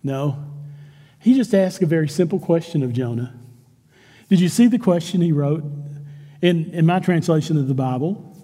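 Pastor, male, lively preacher who acts out quoted lines, mellow tone, church hall echo. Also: a little high, moderate pace, long pauses. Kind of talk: sermon. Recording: long hall reverb.

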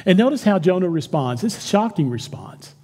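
Pastor, male, lively preacher who acts out quoted lines, mellow tone, church hall echo. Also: high voice, brisk. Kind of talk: sermon. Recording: long hall reverb.

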